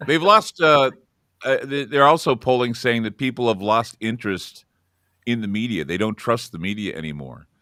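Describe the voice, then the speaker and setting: A man hosting a talk show, chatting casually about politics in an animated way, his voice jumping up when he quotes people. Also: moderate pace, dry recording, studio quality. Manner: animated, voice jumps high when quoting people. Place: Oregon studio.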